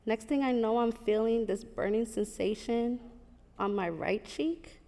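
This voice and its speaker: A woman in her thirties telling a personal story live on stage, animated and acting out the voices of the people in it. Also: on the high side, a little slow, gravelly. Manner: lively, animated, acts out quoted voices. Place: large theater stage. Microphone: stage microphone. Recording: long theater reverb. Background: live audience.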